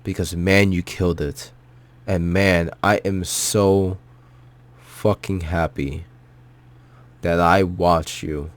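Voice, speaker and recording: A man's voice: sits low, steady tone, slow, pauses often. A man giving an emotional, heartfelt movie reaction, choked up and near tears, repeating himself and swearing. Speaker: vlogger.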